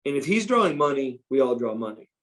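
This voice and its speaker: A middle-aged man, a former pro wrestler, telling stories casually in an interview, animated and profane, often acting out what others said. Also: mid-range voice, fast, rough recording. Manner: animated, profane, acts out quoted dialogue. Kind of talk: casual storytelling.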